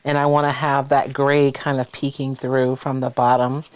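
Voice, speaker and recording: A man's voice: medium pitch, level tone, normal speed, clean tone. A man hosting a casual crafting livestream, explaining his plans as he works and thinking aloud. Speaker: crafter and host.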